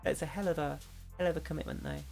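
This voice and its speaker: Streaming from her home setup, a woman chats casually with viewers and reads their chat, rambling with plenty of fillers and restarts. Her voice is low, fast, and creaky with a darkish tone, and faint music plays behind her.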